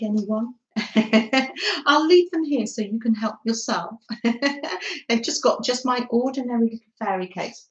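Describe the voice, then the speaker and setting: A woman from England runs a craft livestream, casually reading viewer comments, saying hello to people by name, and giggling a lot. Her voice is mid-range, captured in lo-fi audio in an echoey room.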